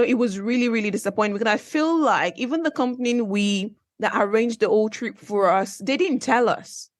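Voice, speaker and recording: A woman's voice: a little high, dry recording. Chatty young woman, dry close mic. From Nigeria. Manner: chatty and animated, with asides and rhetorical questions to listeners. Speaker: podcast host. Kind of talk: casual solo storytelling podcast. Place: based in Manchester, recorded dry and close.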